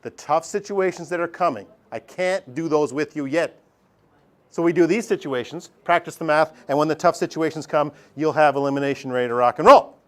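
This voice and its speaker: A man teaching a math class, lively and joking as he talks straight to his students in a classroom. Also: a little high, brisk. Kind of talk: classroom lesson.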